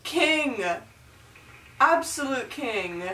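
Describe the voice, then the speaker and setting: A young woman with a high voice gushes as an excitable fan in a casual reaction vlog. She talks slowly and sits a bit back from the mic. The room is roomy and echoey, with faint music behind her. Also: recorded from a distance, a little hiss or hum. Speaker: YouTuber reacting to a music video.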